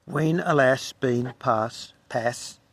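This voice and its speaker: A man's voice: medium pitch, extremely slow, fairly bright tone, no room sound. An Australian man giving an unrehearsed poetry reading with wry asides, sometimes stumbling over the words. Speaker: poetry reader.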